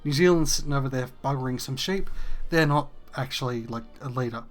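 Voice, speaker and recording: A man's voice: mid-range voice, brisk. A man, hosting a casual gameplay rant that is frustrated, profane and rambling. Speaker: gaming video host.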